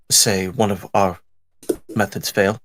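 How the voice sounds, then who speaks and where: A man playing a tabletop game, laying out plans in a measured, step-by-step way. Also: low voice, flat delivery, a bit bright, no echo. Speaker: player.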